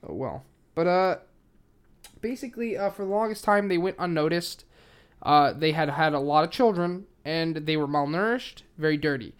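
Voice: medium pitch, lively intonation, normal speed, smooth. Tipsy, foul-mouthed podcast host, rambling. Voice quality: heavy swearing, loose rambling delivery with many fillers. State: a little tipsy. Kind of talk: casual true-crime podcast chat.

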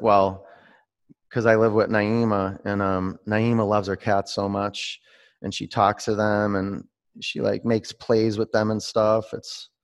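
A man leading a live-streamed yoga class, giving pose cues between rambling, laughing asides. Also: on the low side. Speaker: yoga teacher.

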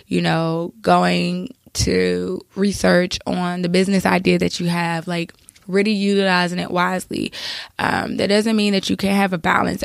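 A woman hosts her podcast while nursing a cold, her low voice heavily gravelly with vocal fry. She talks in a chatty, rambling way and keeps dropping in asides. The sound is dry and close to the mic. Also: no room sound. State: has a cold. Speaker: podcast host. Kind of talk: casual advice monologue.

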